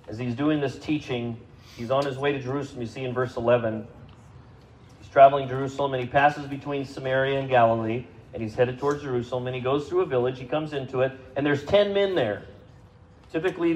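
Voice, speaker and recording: A man preaching a sermon to a congregation, speaking conversationally, asking them questions and rising in pitch and volume for emphasis. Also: a little mellow, slight background noise, rough recording. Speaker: pastor. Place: church service.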